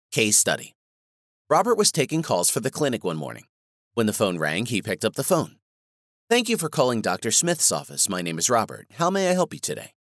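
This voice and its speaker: A man reading a scripted training course on phone etiquette in a measured instructional manner. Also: fairly low pitch, a bit bright, dry recording, clean studio sound. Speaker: course narrator.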